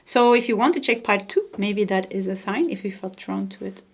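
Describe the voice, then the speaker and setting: A woman with a Nordic accent giving a tarot card reading to camera, soft-spoken and gentle, laughing lightly now and then. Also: mid-range voice, brisk, creaky, husky. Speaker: tarot reader.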